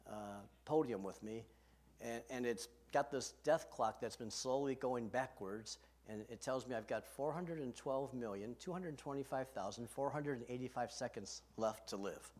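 A man's voice: medium pitch, lively intonation, normal speed, a little mellow. Earnest male pastor preaching. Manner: earnest and emphatic, asks the congregation questions directly. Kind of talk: sermon. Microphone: podium microphone.

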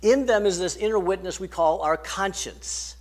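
A man preaching a sermon, emphatic, rising and falling in loudness and pace. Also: high voice, normal speed. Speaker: pastor.

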